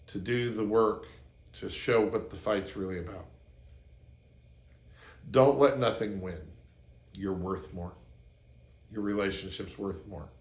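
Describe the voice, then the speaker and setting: The voice is on the low side and echoes in the space. Hosting relationship advice to camera, this man earnestly recounts something from his own life as a lesson for viewers, dramatizing the words he quotes.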